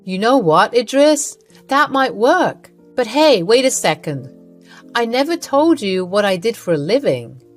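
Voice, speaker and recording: A woman's voice: fairly high pitch, sing-song, a little slow, soft background music, voice pushed up. A woman voicing a smug, scheming middle-aged mother-in-law in a storybook narration. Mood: coy.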